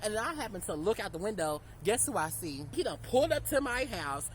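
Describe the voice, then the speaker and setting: A man's voice: sits high, sing-song, fairly quick, slight background noise, rough recording. Profane, sassy young man telling a story. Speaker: storytime vlogger. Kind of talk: casual storytime rant.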